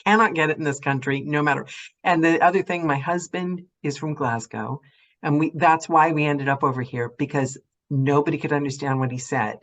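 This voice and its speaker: A woman's voice: deep voice, fairly quick. Woman from England, interview host, friendly, curious, casual chat. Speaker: podcast host.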